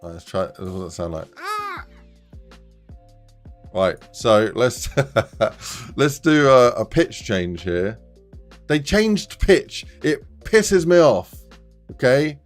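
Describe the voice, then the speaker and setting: A man streaming his game development live, chatting casually and getting excited, laughing often and swearing now and then. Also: medium pitch, slow, long pauses, soft background music.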